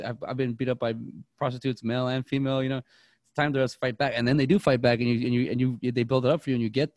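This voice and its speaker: A man co-hosting a movie podcast, chatting casually in a rambling, excitable way with many restarts. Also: mid-range voice, no echo, studio quality. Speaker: podcast co-host.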